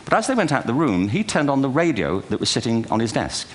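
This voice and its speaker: A man's voice: medium pitch, sing-song, quick pace. Wry older man giving a witty lecture. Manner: wry, anecdotal, self-deprecating asides. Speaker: speaker giving a talk. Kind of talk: humorous keynote lecture. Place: large auditorium before a live audience.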